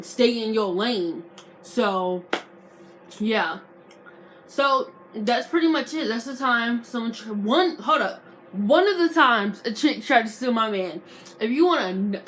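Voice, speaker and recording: A young adult woman vlogger telling a storytime story to camera, slangy and animated, acting out arguments as she goes. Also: on the high side, a little hiss or hum. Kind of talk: casual storytime vlog.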